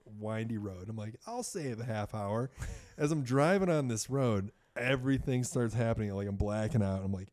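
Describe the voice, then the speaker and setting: A man who is a podcast guest, telling a story in a casual, animated way, full of fillers and swearing. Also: fairly low pitch, moderate pace.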